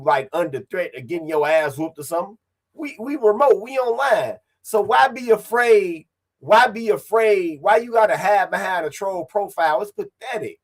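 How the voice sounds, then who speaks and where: A man streaming online, ranting casually in a profane, confrontational way and repeating his points. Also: high-pitched.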